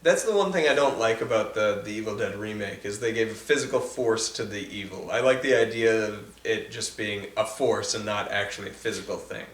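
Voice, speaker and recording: Hosting a casual podcast about films, a man talks briskly with few pauses in a fairly low but fairly bright voice. He's enthusiastic and chatty, saying "like" constantly, and the audio has a roomy echo, a distant mic and faint hiss.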